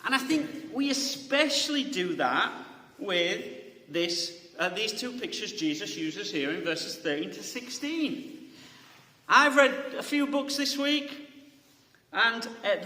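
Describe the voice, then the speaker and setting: A man's voice: high voice, expressive, unhurried, sharp tone. A man preaching a conversational sermon, often checking in with the congregation by asking "right?" and restarting his phrases. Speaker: pastor. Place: church hall. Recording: echoey hall with long reverb.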